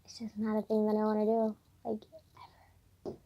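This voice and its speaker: A woman's voice: mid-range voice, monotone, fairly quick, dark tone. A teenage girl vlogging casually, rambling with lots of "like" fillers and swearing as she vents about her day. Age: teens. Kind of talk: casual diary vlog. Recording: dull lo-fi recording.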